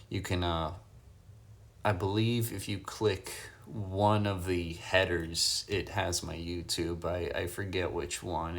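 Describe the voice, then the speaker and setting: Low-voiced laid-back male livestreamer. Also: a bit bright. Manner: laid-back, reads chat questions aloud and chuckles often. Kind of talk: casual livestream chat answering viewers. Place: hotel room. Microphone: phone.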